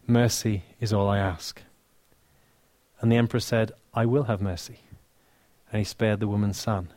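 A man with an English accent preaching a sermon, earnest and warm, dropping to soft, hushed lines for emphasis, with touches of dry humor. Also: on the low side, fairly even intonation, normal speed, no echo. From England. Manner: earnest, softening to near-whisper on key lines, dry humor.

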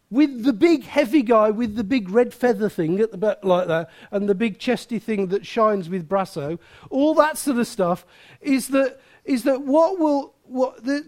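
A man preaching a sermon in a lively, joking way, with sudden loud outbursts. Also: very high-pitched.

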